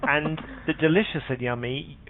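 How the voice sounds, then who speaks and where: A man's voice: a little high, normal speed, a little hiss or hum. A man co-hosting a radio talk show, chatting playfully and rambling with laughter. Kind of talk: casual chat. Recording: tinny phone-line sound.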